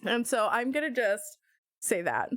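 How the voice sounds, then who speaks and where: A woman streamer playing through a game, talking casually, animated and self-mocking, often laughing. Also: fairly high pitch, measured pace, no echo, clean studio sound.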